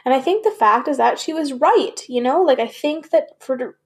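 A woman's voice: sits high, animated, normal speed. A woman speaking candidly to her viewers, questioning herself and swearing now and then. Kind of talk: candid personal talk to camera.

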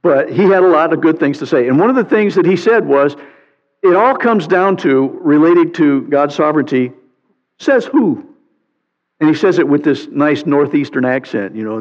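A man preaching a sermon as a pastor, reading scripture aloud in an animated way with playful sarcasm. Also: on the high side. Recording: muffled sound with long hall reverb.

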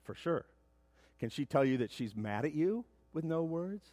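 A middle-aged man preaching a sermon as pastor, emphatic, often repeating words as he builds to loud points. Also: on the high side, very animated, moderate pace, no echo. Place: church sanctuary.

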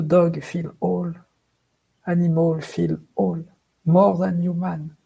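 A man speaking as an author and guest. He talks slowly and quietly, leaves long pauses between words, and uses non-native phrasing. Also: sits high, steady tone, gravelly, breathy edge. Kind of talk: slow, soft-spoken explanation.

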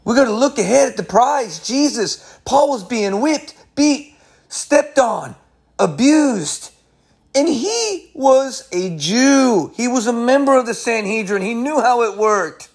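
Male, high voice, slangy excitable Bible teacher, casual sermon. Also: slow. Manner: excitable, slangy, keeps saying man. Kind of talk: casual Bible study talk.

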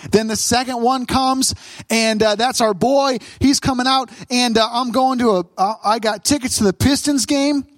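A pastor in his thirties preaches a sermon, conversationally and humorously telling a family story with animated voices for the people he quotes. His voice is very high-pitched at a normal speed, recorded with no room sound.

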